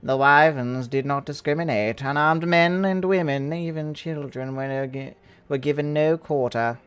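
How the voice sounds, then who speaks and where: A man's voice: a little high, a bit bright, smooth, natural voice. A man doing a grave, stately noble count. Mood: solemn. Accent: British, put on. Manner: slow, measured, solemn delivery. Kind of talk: reading game dialogue aloud.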